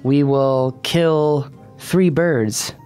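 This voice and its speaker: A man's voice: mid-range voice, extremely slow, mellow, clear, resonant tone, soft background music. A man co-hosting a podcast in casual banter, playful and jokey while explaining things loosely. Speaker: podcast co-host.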